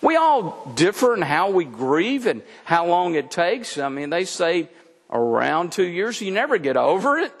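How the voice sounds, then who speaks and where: Middle-aged guy preaching, folksy and chatty, gravelly voice, lively up and down, big church reverb. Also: sits high, a little slow. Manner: conversational, folksy, animated with laughs. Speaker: pastor. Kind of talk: sermon. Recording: long hall reverb.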